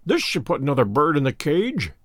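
A man voicing a calm, witty male detective who speaks with dry, courteous irony, in an audiobook reading. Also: a little high, fairly quick, dry recording. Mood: wry.

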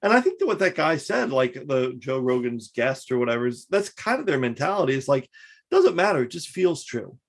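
A man's voice: medium pitch, very animated. A man co-hosting a casual podcast, chatting about the news with frequent restarts. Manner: conversational, halting restarts. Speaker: podcast co-host. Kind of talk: casual political chat.

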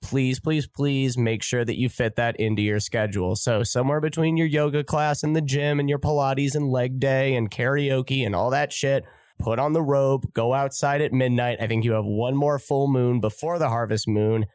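A man's voice: mid-range voice, fairly even intonation, normal speed, a little mellow, no room sound. A man hosting a podcast, delivering a sarcastic, flippant, profane comedic monologue. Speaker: podcast host.

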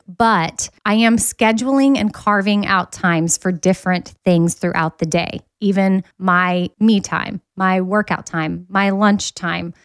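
A woman hosting a podcast, chatting casually and telling stories with quick asides. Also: mid-range voice, dry recording. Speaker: podcast host. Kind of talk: casual chat.

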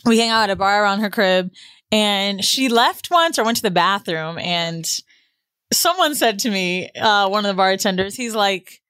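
A woman's voice: medium pitch, normal speed, fairly bright tone, smooth. A woman co-hosting a casual podcast chat, telling stories bluntly with plenty of swearing and laughter. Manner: blunt, profane, laughing storyteller.

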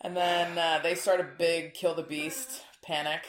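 Lower-voiced woman in an echoey room. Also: flat delivery, unhurried, slight background noise. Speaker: podcast co-host. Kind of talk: casual chat.

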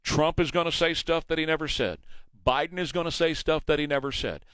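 Emphatic radio talk host, dry studio sound. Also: male voice, on the high side, steady tone, a little fast, a bit bright, clear, resonant tone, no room sound. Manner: emphatic, rhetorical questions. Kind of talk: morning news talk monologue.

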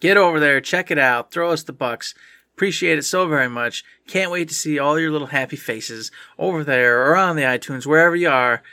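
Bright-voiced joking podcast man. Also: a little high, a little fast, dry recording. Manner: emphatic, joking, hype-man energy. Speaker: podcast co-host. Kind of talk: casual podcast chat.

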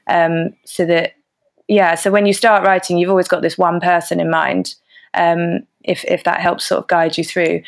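Lowish-voiced woman guest on a podcast, thoughtful, lots of ums and restarts. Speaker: guest copywriter. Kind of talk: casual interview answers.

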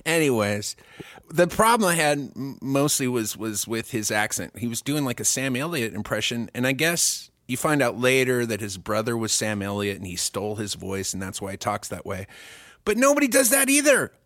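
A man co-hosting a comedy podcast, telling crude, profane stories with animated delivery. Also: mid-range voice, normal speed, no echo, clean studio sound. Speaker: podcast co-host. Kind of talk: casual comedic chat.

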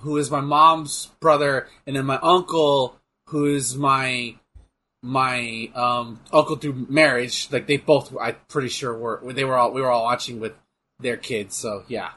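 A man co-hosting a casual chat while watching wrestling, excitable, swearing and trailing off into fillers. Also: medium pitch, measured pace. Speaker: podcast co-host.

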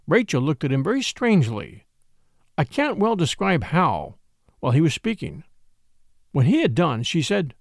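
A man reading an audiobook as narrator, in an expressive, theatrical manner. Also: fairly high pitch, moderate pace, creaky, dry recording, clean studio sound. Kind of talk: scripted narration.

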